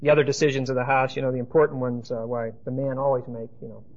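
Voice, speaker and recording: A man's voice: mid-range voice, little pitch movement, quick pace, darkish tone. Emphatic male preacher, lo-fi recording. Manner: emphatic, dry humor, addresses listeners directly. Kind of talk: sermon.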